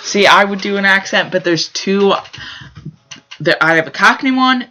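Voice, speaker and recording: Bright-voiced man rambling through facts. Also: high voice, lively intonation, normal speed. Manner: rambling, lots of fillers. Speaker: co-host. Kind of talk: casual chat, reading out facts.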